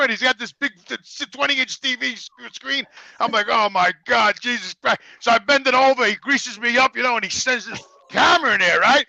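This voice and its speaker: A man's voice: extremely high pitch, a little fast, gravelly, dry recording, rough recording. A man telling crude, rambling stories on a podcast, acting out scenes and swearing freely. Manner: animated, crude storyteller who acts out scenes. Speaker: show regular. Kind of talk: casual podcast chat.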